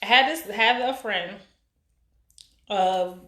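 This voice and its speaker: A medium-pitched woman's voice, bright and forceful, belongs to a host of about forty doing a live stream. She greets viewers and reads their comments in easygoing chat that rambles and halts, packed with fillers, recorded in an echoey space.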